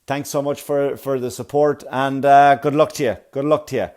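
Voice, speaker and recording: A man hosts a solo comedy podcast with a voice of ordinary middle pitch. He rants in exasperated bursts, swearing freely and slipping into mocking voices for the people he quotes. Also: steady tone, normal speed, a little mellow. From Ireland. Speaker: podcast host.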